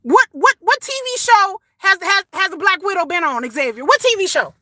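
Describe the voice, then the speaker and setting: A woman, ranting casually to her viewers, sassy and animated, swearing and repeating words as she goes. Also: extremely high pitch, moderate pace, no room sound. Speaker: commentary vlogger. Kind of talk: casual opinion rant.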